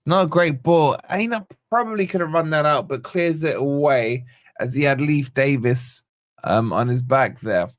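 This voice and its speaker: A man hosting a live football watch-along, calling the play and greeting viewers by name in a chatty, excitable way. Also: medium pitch, normal speed, dry recording, studio quality. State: yawning, tired. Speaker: fan channel host.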